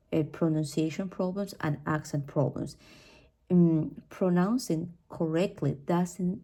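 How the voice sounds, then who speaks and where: A woman's voice: low voice, creaky, mellow. A woman who speaks Spanish as her first language, with a Spanish accent, teaching English pronunciation on a podcast in a chatty way, full of fillers and asides like "right?" and "okay?".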